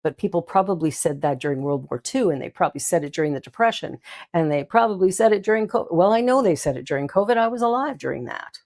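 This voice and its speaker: A woman's voice: fairly low pitch, expressive, fast talker. An older woman, a minister hosting her own show, telling stories and giggling as she talks. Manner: warm storytelling with giggles and asides. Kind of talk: inspirational talk.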